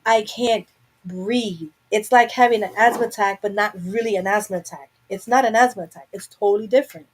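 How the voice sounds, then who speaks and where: A woman's voice: medium pitch, a little fast, slight background noise, low-quality recording. Candid woman chatting on a home livestream. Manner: candid, rambling, talks to herself. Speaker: live stream host. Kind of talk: casual chat to viewers.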